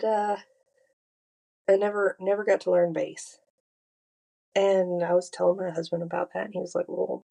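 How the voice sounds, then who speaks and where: A woman's voice: medium pitch, creaky, a little mellow. A married woman hosting a podcast, telling a personal story in a candid, confessional way with frequent fillers and restarts. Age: adult, married. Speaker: podcast host.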